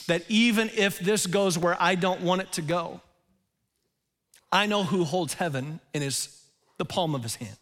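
High-voiced pastor preaching in a big hall. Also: male voice, moderate pace. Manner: storytelling, animated, laughs at himself. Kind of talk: sermon.

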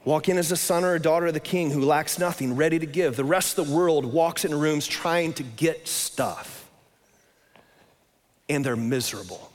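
High-voiced preacher in a reverberant hall. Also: male voice. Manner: conversational preaching, often says "man". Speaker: pastor. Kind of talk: sermon.

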